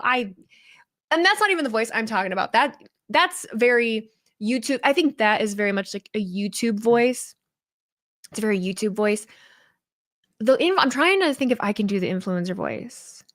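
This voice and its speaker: Candid, rambling woman host, slightly high. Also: animated, normal speed, fairly bright tone. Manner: candid, rambling, swears freely. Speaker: host of a wrestling stream. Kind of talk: casual live-stream chat.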